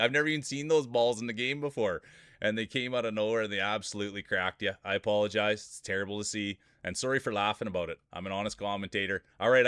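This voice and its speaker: Low-voiced man hyping live marble races. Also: a bit bright, no echo, clean studio sound. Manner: chatty, rambling, bursts into laughter; hype-building, calls out viewers by name. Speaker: streamer and race commentator.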